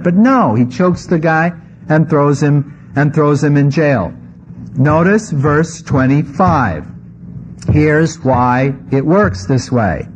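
A pastor preaching a conversational sermon, reading scripture and adding wry asides. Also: male voice, a little high, expressive, measured pace, a little mellow. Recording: slightly muffled with faint background noise.

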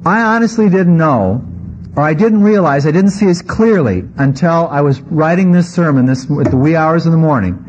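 A pastor preaching a conversational sermon, reading scripture and adding wry asides. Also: male voice, on the high side, expressive, moderate pace, a little mellow. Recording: slightly muffled with faint background noise.

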